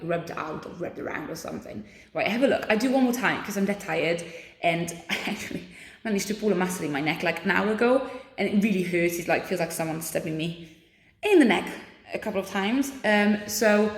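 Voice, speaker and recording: A woman pole dancer talking herself through a routine between attempts, chatty and out of breath. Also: medium pitch. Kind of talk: casual talk-through while practicing. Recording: echoey room.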